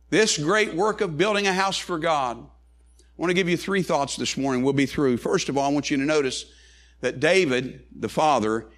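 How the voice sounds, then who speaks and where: A man's voice: on the high side, a bit bright. A male pastor preaching a sermon, reading scripture aloud and repeating phrases in a rising and falling preaching cadence.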